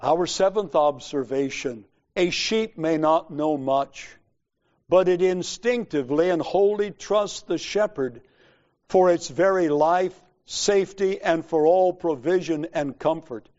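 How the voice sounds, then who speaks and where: A man preaching a sermon in a slow, measured, emphatic way, pausing deliberately between phrases. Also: on the high side, a little mellow, muffled recording.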